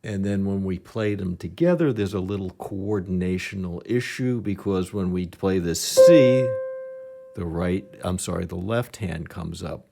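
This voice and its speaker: Brief: slow, patient piano teacher, male, deep mellow voice, faint piano under the talk. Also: creaky. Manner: patient, counts beats aloud while demonstrating. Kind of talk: step-by-step piano lesson.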